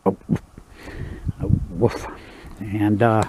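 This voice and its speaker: A man's voice: lowish voice, little pitch movement, very slow, noisy background. A man narrating his own outdoor cooking vlog beside a campfire in the woods, in a folksy, joking, laid-back way.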